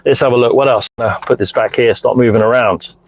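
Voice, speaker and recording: A man's voice: mid-range voice, fairly quick, poor audio. A middle-aged man chatting casually on a live stream from inside his car, rambling as he answers viewers' messages. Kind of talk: casual live-stream chat while driving. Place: inside a car, parked in a lay-by. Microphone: phone mounted hands-free in the car.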